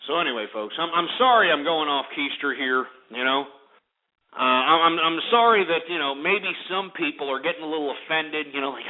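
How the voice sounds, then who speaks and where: A male talk radio host rants through a profane monologue in quick bursts. His voice sits high for a man and comes through a thin, tinny lo-fi radio sound. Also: expressive. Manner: ranting, profane, fast bursts.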